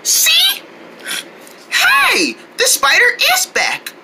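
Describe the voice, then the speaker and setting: A woman's voice: very high-pitched, huge pitch swings, very slow, bright, forceful tone, a little hiss or hum. A woman voicing a caring big sister in a children's cartoon who talks cheerfully to the viewers. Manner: cheerful, coaxing the audience.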